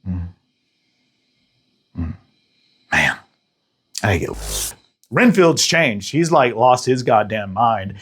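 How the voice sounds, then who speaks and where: A man's voice: lowish voice, big pitch swings, extremely slow, pauses often, a bit bright, slightly rough. A man hosting a movie review show, giving a casual, rambling and profane recap with frequent laughter.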